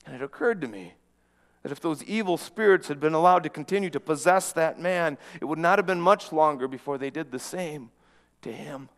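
A man preaching a dramatic first-person story, earnest, often dropping to a hush and repeating words as he goes. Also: a little high, brisk, in a large hall. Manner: earnest, with frequent restarts and dramatic hushes.

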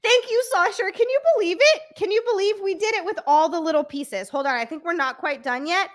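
Excitable high-voiced woman streamer. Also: brisk. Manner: excitable, bursts into squeals and shouts; chatty, thanks viewers by name. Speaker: live streamer. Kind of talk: casual live-stream chat.

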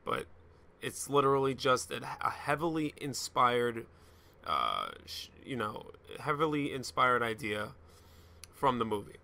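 Man for a casual anime review, gravelly and bright, profane and joking. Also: mid-range voice, animated, a little slow.

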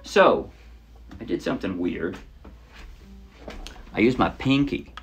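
Deep, creaky and animated, a man speaks slowly over music while teaching ukulele in a casual, chatty style. He talks through chords and counts out the beats as he plays loudly.

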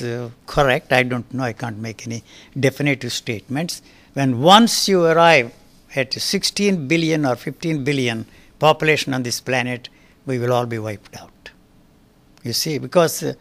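A man in his eighties, an interview guest in a studio, speaking in an emphatic, forceful and blunt manner. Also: a little high. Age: 80s. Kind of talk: fiery spoken discourse. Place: recording studio.

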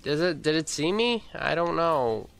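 A man's voice: fairly high pitch, very animated, a little slow, creaky, fairly bright tone, slight background noise. A young man streaming a video game live, joking, exclaiming and talking to his chat. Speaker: gaming streamer.

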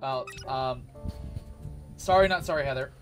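A man's voice: medium pitch, unhurried, faint music behind. A man streaming a card game with friends, swearing and laughing often. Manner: swearing, excitable, laughs a lot. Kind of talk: casual gaming chat.

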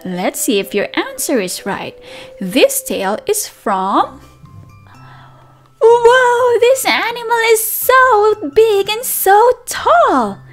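Very high, lively woman teacher reading aloud. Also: soft background music. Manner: animated and sing-song, with drawn-out words and excited gasps; speaks directly to young children with questions and praise. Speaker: children's teacher and channel host. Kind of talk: read-aloud storytelling for toddlers.

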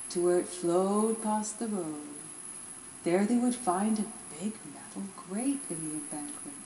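A woman narrating a children's storybook in a gentle, expressive way. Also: medium pitch, echoey room, a little hiss or hum, rough recording. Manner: gentle, expressive, lingering on words.

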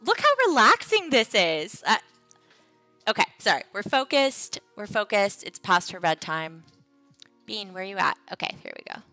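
A woman's voice: mid-range voice, sing-song, moderate pace, sharp tone, dry recording, faint music behind. A young adult woman hosting a casual game livestream, chatting playfully and joking with her viewers. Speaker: livestream host.

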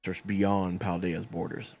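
A man reading the lines of a chatty, gushing woman teacher aloud from a game in his own gravelly voice, without much effort to act her. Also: low voice, little pitch movement, a little slow, darkish tone, faint music behind. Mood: explanatory. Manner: reads on-screen game dialogue aloud in a loose, unpolished way.

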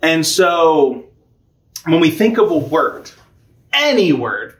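A man teaching a catechism class in a relaxed, conversational way, with playful asides and quick acted-out quotes. His voice sits a bit high for a man. The room is echoey and roomy around him. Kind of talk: casual catechesis lecture.

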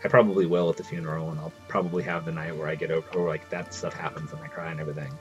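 A man's voice: rumbling low, little pitch movement, very fast, highs cut off, soft background music. A man chatting casually while streaming a game, reading its text aloud as he plays. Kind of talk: casual live game commentary.

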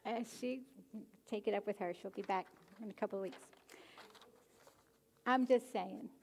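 A woman pastor preaching a sermon, animated and emphatic, often pushing her questions to the congregation. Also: mid-range voice, normal speed. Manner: animated, rising to emphatic exhortation. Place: church sanctuary.

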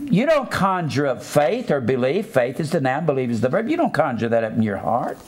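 A man's voice: mid-range voice, big pitch swings, a little fast, few pauses, a little mellow. An older man preaching a sermon, blunt and scornful, stopping to teach grammar like a schoolteacher. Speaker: pastor.

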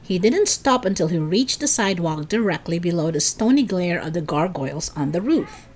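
A woman storyteller reading a children's chapter book aloud in an expressive, dramatic way. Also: lowish voice, moderate pace, slight background noise.

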